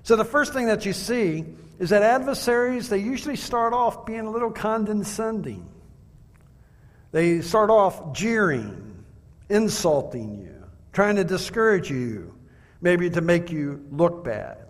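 A man with a fairly high voice preaches a very animated sermon built on measured rhetorical questions, recorded in a large, reverberant hall.

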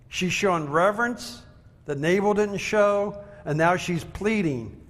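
Male preacher, conversational sermon, animated storytelling, slightly high voice, reverberant hall. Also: takes it slowly. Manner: conversational, animated, acts out quotes.

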